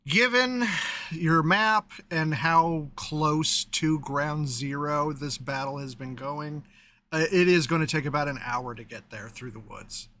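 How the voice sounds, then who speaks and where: A man's voice: on the high side, unhurried, bright, forceful tone, a little hiss or hum. A man running a tabletop game as game master, laid-back and laughing often.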